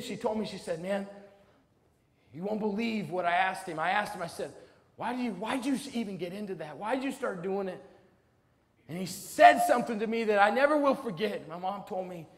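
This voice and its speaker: A man in his twenties giving a motivational speech at a school assembly, dramatic, swinging between loud and hushed. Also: sits high. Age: 20s. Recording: long hall reverb.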